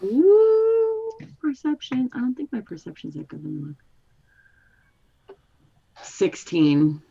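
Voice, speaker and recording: A woman's voice: high-pitched, wildly swooping pitch, slow, gravelly, warm tone, slightly rough. Playful woman with a dull muffled sound. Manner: giggly and playful. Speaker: player. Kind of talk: casual tabletop play.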